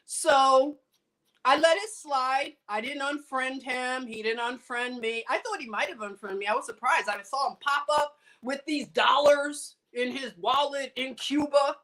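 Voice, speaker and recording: A woman hosts a livestream and tells a story in a casual, animated way. Her voice is high, and her delivery is emphatic, with bursts of indignation. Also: unhurried. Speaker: livestream host.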